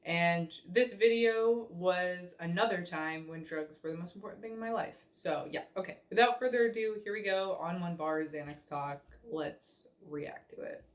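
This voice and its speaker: A woman's voice: lowish voice, moderate pace, few pauses. A young woman rambling chattily in a casual reaction vlog, full of fillers and self-mockery. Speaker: vlogger.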